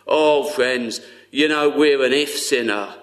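A man delivering a sermon at an unhurried, drawn-out pace. His voice sits at an ordinary middle pitch, earnest and tender, and often falls to a soft hush. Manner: earnest, tender, slow with long pauses, often dropping to a hush. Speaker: preacher.

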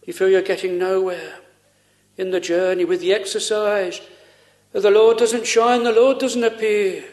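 A man preaching a sermon in an earnest, pleading way, full of pauses and rhetorical questions. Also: high-pitched, fairly even intonation, a little mellow.

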